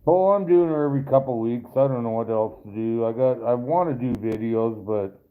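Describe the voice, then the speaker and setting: A man hosts a live stream and talks straight to his viewers in a loose, rambling way, cursing freely. His voice sits at an ordinary pitch and comes through a thin, tinny, phone-like line. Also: brisk. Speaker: livestream host reading viewer chat. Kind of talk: casual live-stream chat.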